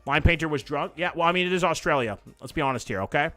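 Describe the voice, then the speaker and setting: A man's voice: a little high, lively intonation, fast, bright, forceful tone, soft background music. A young man hosting a live reaction stream, chatting loosely with viewers, swearing and joking as he reacts to what he sees. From Canada. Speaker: livestream host.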